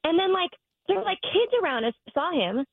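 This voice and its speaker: A woman's voice: very high-pitched, animated, a little fast, dry recording. A woman caller on a phone line to a radio show, hesitant and giggly, with lots of fillers.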